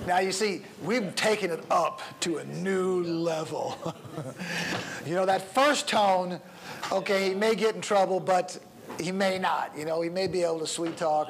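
A middle-aged man, a pastor, teaching a preaching workshop, shifting his pace and volume to demonstrate and chuckling now and then. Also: on the high side.

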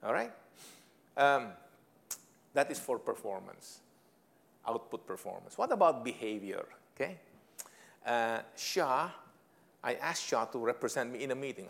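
Gravelly Filipino man lecturing. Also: medium pitch, unhurried, long pauses. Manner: code-switching, animated, asks the audience questions. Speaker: leadership trainer. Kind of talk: lecture to an audience.

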